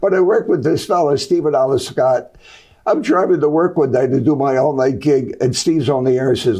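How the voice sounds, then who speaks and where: A man's voice: mid-range voice, fairly quick, dark tone, slightly rough. An older man from Philadelphia with a Pennsylvania accent, a retired priest telling rambling, jovial stories as a talk-show guest. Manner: jovial, rambling storyteller with radio flair.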